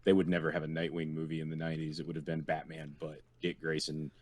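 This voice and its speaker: A man's voice: very deep voice, completely flat delivery, fast, dry recording. A man co-hosting a podcast, chatting casually in a dry, teasing, wry way. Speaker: podcast co-host. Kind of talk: casual chat.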